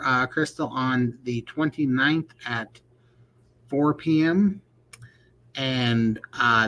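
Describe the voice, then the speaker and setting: A man's voice: mid-range voice, pushed and bright, slight background noise, rough recording. A man co-hosting a casual livestream chat, joking in a folksy way and reading viewer questions aloud. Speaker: podcast co-host.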